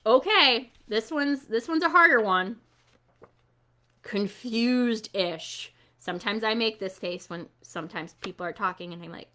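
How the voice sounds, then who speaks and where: A woman hosting a children's storytime online, animated and coaxing as she talks straight to the kids. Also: on the high side, measured pace.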